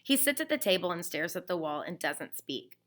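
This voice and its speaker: A woman reading a novel aloud in the first person, expressive and slowing down on the emotional phrases. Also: lowish voice.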